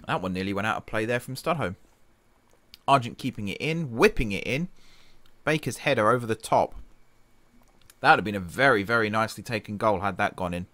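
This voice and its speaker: A man streaming a football management game, giving chatty play-by-play, laughing at his own slips and sounding tired from an early start. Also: dry recording. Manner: chatty, self-correcting, quick laughs, shifts from excited to low mutters. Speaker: gaming streamer. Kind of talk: casual game commentary.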